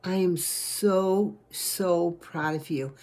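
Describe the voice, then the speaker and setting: Woman doing a soft-spoken loving mom. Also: fairly low pitch, extremely slow. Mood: tender. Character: loving mother, gentle middle-aged woman.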